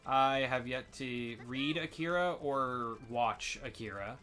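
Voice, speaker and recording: Bright-voiced easygoing young man. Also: medium pitch, slow pace, faint music behind. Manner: easygoing, agreeable, swears casually. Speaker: co-host. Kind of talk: casual chat while streaming a game.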